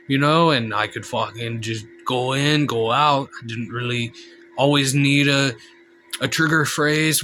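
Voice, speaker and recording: A man vlogging in a candid, unscripted monologue. He is blunt, frank and swears freely. His voice is bright and pushing, sitting at an average male pitch. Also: slight background noise.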